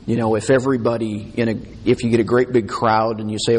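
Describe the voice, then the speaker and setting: A man's voice: medium pitch, fairly even intonation, normal speed, few pauses, slightly rough. A man preaching a conversational sermon, acting out the people's complaints with emphasis as he explains the passage. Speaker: pastor. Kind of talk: expository sermon. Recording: long hall reverb.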